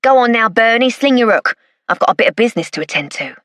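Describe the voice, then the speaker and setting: A man's voice: extremely high pitch, expressive, fast, sharp tone, no room sound, clean studio sound, voice pushed up, full character voice. Woman doing a sly cockney informant man. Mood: cocky. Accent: East End London. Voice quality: cackling laugh, wheedling banter. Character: sly cockney male informant, leering and cocky. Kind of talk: audiobook character voice.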